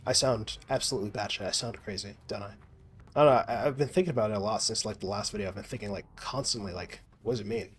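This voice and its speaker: A man's voice: on the low side, quick pace, husky. A man in a casual, rambling monologue while gaming, swearing a lot and restarting his sentences often. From United States. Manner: rambling, profane, many restarts and fillers. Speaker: gaming vlogger.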